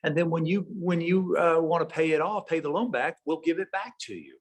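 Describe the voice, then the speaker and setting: Storyteller's bit: a man voicing a pushy, salesy bank officer, raised pitch, husky edge. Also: a little fast. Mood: eager. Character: eager male bank vice president, pushy salesman.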